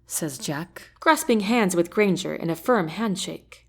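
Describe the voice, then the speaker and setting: A woman narrating a novel in the first person, with an expressive, varied reading. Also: on the low side, measured pace. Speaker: audiobook narrator.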